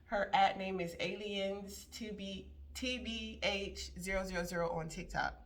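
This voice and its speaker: A woman's voice: medium pitch, steady tone, measured pace. A woman hosting a casual stream, chatty and slangy, talking straight to her viewers. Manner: chatty, slangy, addresses "you guys". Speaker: tarot reader and host.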